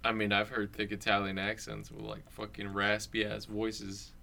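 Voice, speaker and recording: A man's voice: fairly low pitch, monotone, normal speed, creaky, pushed and bright. A young man co-hosting a podcast in casual chat, laid-back, swearing freely. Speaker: podcast co-host.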